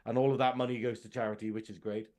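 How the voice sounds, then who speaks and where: Casual Northern English male co-host, mid pitch, rambling and chatty. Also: level tone, rapid-fire, a little mellow. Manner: chatty, laughs often, slightly rambling. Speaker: co-host, science officer. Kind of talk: casual podcast chat.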